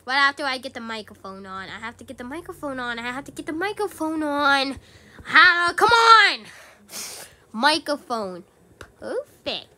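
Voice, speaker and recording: A woman's voice: high-pitched, big pitch swings, moderate pace, sharp tone. A woman playfully talking back to a talking-pet app, giggling and teasing it in casual chat. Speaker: mom playing a talking-pet app on camera.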